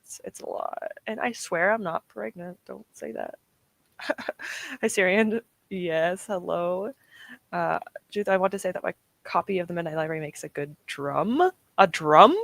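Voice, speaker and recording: A woman's voice: fairly low pitch, normal speed, gravelly, a bit bright, dry recording. A woman hosting a casual livestream, chatty and self-deprecating as she answers her chat, emotional and close to tears, with a sore throat. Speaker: livestream host.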